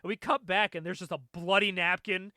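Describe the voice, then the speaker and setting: A man's voice: sits high, steady tone, a little fast, bright, forceful tone, no echo, clean studio sound. A man hosting a casual comic review podcast, recapping animatedly, laughing often and acting out quotes.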